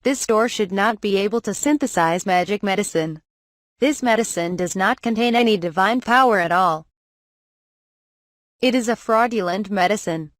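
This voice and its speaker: A calm, stern twelve-year-old boy apothecary speaks from the pages of a storybook, as a woman reads him. The voice sits in a middle pitch and stays even. The sound is close and dry. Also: moderate pace, no room sound, natural voice. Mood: calm, firm.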